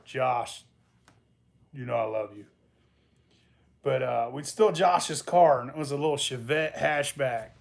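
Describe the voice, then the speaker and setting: A man's voice: fairly high pitch, gravelly. A man hosting a casual show, telling rambling, profane stories about his past and laughing along as he goes. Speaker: host. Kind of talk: casual storytelling.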